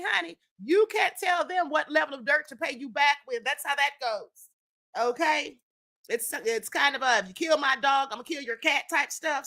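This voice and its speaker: A woman's voice: high-pitched, bright, forceful tone. A woman hosting a live stream, reading viewers' chat comments and chatting casually in a sassy tone, often calling her listeners "honey" and "child.".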